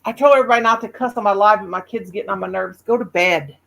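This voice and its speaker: A woman's voice: mid-range voice, quick pace, gravelly, a bit bright. A woman, hosting a casual live-stream chat in a folksy, teasing way. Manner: folksy, teasing, calls people honey and shug. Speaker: host.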